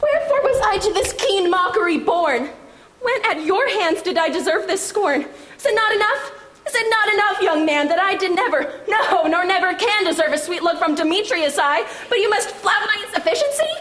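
A woman's voice: extremely high pitch, expressive, moderate pace, fairly bright tone. A woman playing a lovelorn, self-pitying young woman in a Shakespeare reading, plaintive, with wry laughing asides. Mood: wounded.

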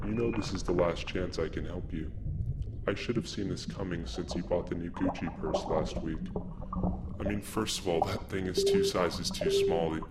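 A man voicing a calm, resigned male smartphone in a short film, talking deadpan and stuttering on repeated words. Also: low voice. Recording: loud background noise.

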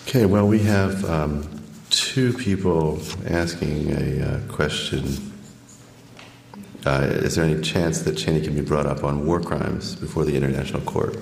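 A man, an author, reading from his book and then taking questions, measured when reading and full of fillers when answering. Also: extremely low pitch, gravelly, darkish tone, a little hiss or hum. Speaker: author giving a talk. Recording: echoey hall, long reverb.

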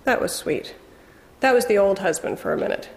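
A woman narrating a first-person novel in a wry, measured storytelling manner. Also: mid-range voice, lively intonation, creaky, long reverb tail. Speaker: audiobook narrator.

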